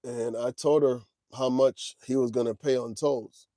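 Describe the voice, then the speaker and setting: A man's voice: mid-range voice, fairly even intonation, unhurried, warm tone, no echo. A man in his forties hosting a trucking livestream, talking casually and directly to his chat. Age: 40s. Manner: laid-back, talks straight to chat, drawls "man" and "y'all".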